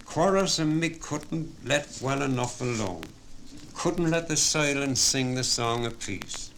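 A man narrating a story, reading in a measured storytelling manner. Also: medium pitch, lively intonation, a bit bright, a little hiss or hum, rough recording. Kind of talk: audiobook narration.

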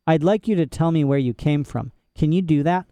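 A man's voice: a little high, a little fast, warm tone, clean tone, no echo, close to an everyday voice. A man reading an audiobook, voicing a soothing, condescending male doctor who talks a child round.

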